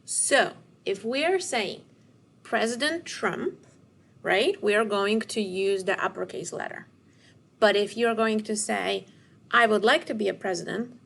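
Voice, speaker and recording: A woman teacher giving a recorded word study lesson to children, speaking slowly and deliberately and sounding out words syllable by syllable with encouragement. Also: medium pitch, gravelly. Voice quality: slow, deliberate classroom delivery, stretching out words.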